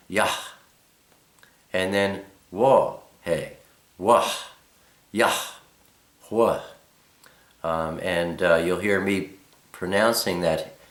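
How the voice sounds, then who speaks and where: A middle-aged man explaining Hebrew letters and names slowly, with many ums and uhs. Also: on the low side, a bit bright, echoey room. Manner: slow, thoughtful explanation. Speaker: Bible teacher.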